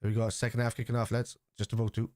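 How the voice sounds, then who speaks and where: A man with a Liverpool accent talks loosely and rambles as he hosts a live football watchalong. He reads chat messages aloud and is quick to scoff at critics. His voice sits at a middling pitch and is recorded close and dry. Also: flat delivery, darkish tone, no echo. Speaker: live-stream watchalong host. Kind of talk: casual live-stream chat.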